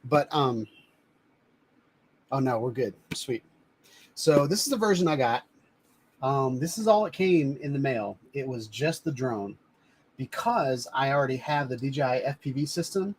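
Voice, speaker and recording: A man's voice: mid-range voice, expressive, measured pace, long pauses, slight background noise. A man hosting a casual live stream from a home studio, chatting in a rambling way as he shows items to the camera. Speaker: live-stream host reviewing drones.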